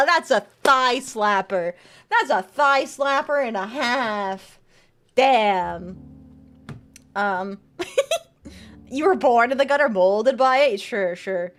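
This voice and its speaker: A woman's voice: a little high, lively intonation, slow pace, pauses often, a bit bright. A young woman streaming a game live, chatting and joking with her viewers and reading tarot cards aloud. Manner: giggly, jokey, reads chat and tarot cards aloud. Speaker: VTuber streamer.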